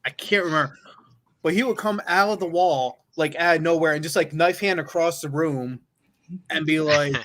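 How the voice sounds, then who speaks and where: Man, fairly high pitch, podcast host, loose and profane, laughing reminiscing, casual chat. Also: a little fast, fairly bright tone.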